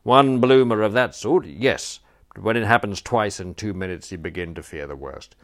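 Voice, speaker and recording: A peevish old duke who rambles and blusters, sounding low and a touch louder than the teller's own voice, as a man reads him aloud. He grumbles on in a storybook reading. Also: moderate pace, lightly acted. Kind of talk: audiobook character voice.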